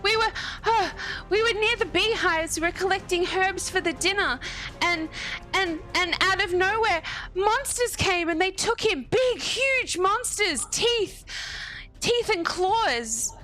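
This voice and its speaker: A woman's voice: expressive, unhurried, pushed and bright, faint music behind, exaggerated voice. A woman playing a sobbing, panicked little girl. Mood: frantic. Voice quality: shrill, frantic crying. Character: panicked eleven-year-old village girl, sobbing.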